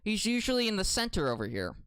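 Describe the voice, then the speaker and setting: A streamer giving casual advice on a livestream, rambling and halting, with many restarts and fillers. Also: mid-range voice, wildly swooping pitch, a bit bright, clean tone.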